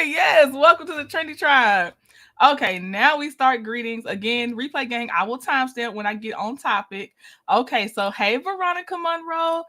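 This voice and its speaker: A woman's voice: sits high, animated, moderate pace, pushed and bright. A woman hosting a casual livestream, chatting and laughing often as she greets her viewers one by one by name. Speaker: livestream host.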